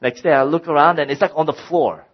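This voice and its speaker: A middle-aged man, a pastor, preaching a sermon and telling a personal story in an animated way, acting out his own exasperation. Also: fairly high pitch, fast, lo-fi sound.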